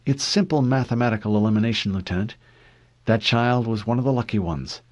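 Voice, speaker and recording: A man voicing a cool, guarded middle-aged female scientist who speaks in a measured, firm way. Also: fairly low pitch, natural voice. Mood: clinical. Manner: measured, clinical, quietly firm.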